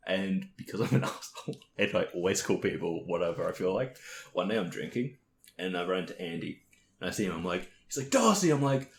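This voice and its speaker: With a deep, creaky voice and brisk delivery, a young man co-hosts a podcast. He chats casually through stories, laughing frequently, cursing, and mimicking the people involved, recorded with roomy echo and faint noise.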